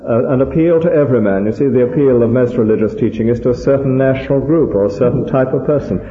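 A man's voice: mid-range voice, fast, few pauses. An older man preaching a sermon in a conversational way, often adding tag questions. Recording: dull, echoey hall recording.

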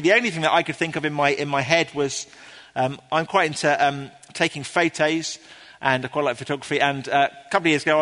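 A man preaching a sermon to a congregation in an earnest, explaining way, sometimes pausing with ums and restarting his sentences. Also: mid-range voice, fairly bright tone, big-room sound. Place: church before a congregation.

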